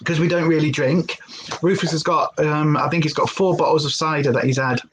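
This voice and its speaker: A woman's voice: sits low, steady tone, a little fast, a little hiss or hum, rough recording. A woman chatting casually on a livestream, rambling and stopping to talk to her dog. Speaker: livestream host.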